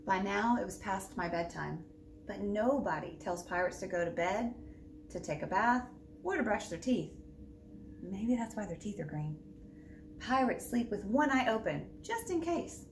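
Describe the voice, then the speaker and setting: A woman librarian reading a picture book aloud for a children's storytime, with lively, expressive narration. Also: medium pitch, unhurried. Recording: roomy echo, distant mic, faint background hum.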